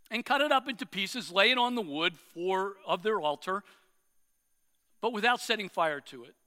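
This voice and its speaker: A man voicing a bold, fierce prophet, declaiming slowly and forcefully. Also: sits high.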